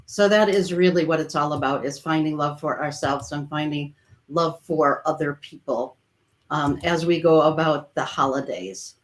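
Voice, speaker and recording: A woman coach hosts a relaxed online conversation. Her voice sits low, and she talks in a gentle, reflective way. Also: moderate pace. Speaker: coach and host. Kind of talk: casual webinar chat.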